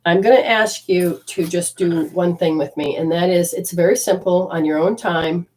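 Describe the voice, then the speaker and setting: A woman's voice: fairly low pitch, moderate pace, darkish tone, a little hiss or hum, poor audio. A woman giving an intuitive card reading to a caller. She rambles and restarts often, and affectionately calls her listener honey. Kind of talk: spiritual reading and coaching.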